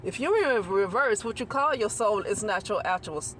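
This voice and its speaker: A woman's voice: medium pitch, expressive, moderate pace, fairly bright tone, a little hiss or hum. A woman hosting her own channel, talking through a casual spiritual monologue in a rambling way, often restarting and repeating phrases and asking "okay?" for agreement. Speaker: channel host.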